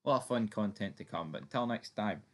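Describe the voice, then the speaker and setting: A man's voice: lowish voice, lively intonation, fast talker. A man hosting a fan theory channel, giving his opinion in a chatty, emphatic way with some swearing. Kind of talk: casual opinion commentary.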